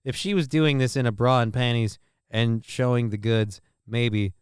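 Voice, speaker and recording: A man's voice: medium pitch, fairly even intonation, unhurried, smooth, dry recording, clean studio sound. A man giving casual, rambling, sarcastic commentary as he reacts to a video.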